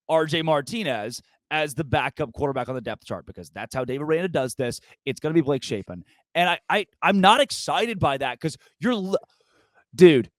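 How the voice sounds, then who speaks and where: A man's voice: on the high side, no room sound. A man from Arkansas hosting a casual sports podcast, talking in an emphatic, fired-up way with many restarts. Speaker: podcast host.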